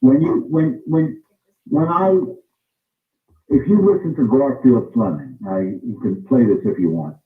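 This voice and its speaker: A man talks through his views in an interview, pressing his points and repeating them for stress. His voice sits at an ordinary pitch. It comes through thin and phone-like, from a distance in a roomy space. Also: measured pace. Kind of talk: interview answer, explaining. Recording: tinny phone-like sound, roomy, off-mic.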